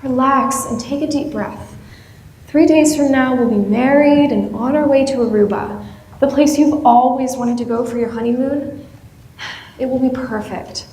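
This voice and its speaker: A woman's voice: high-pitched, moderate pace, a little mellow, a little hiss or hum. Woman playing a wistful young bride-to-be. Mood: soothing. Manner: wistful and self-mocking. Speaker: student actor. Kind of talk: stage play monologue. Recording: echoey hall from far off, faint ambience.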